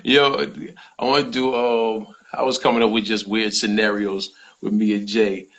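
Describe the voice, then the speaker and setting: A male podcast host and comedian chatting excitedly, stumbling over restarts and giving shout-outs. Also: fairly low pitch, normal speed, rough recording. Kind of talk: casual livestream chat.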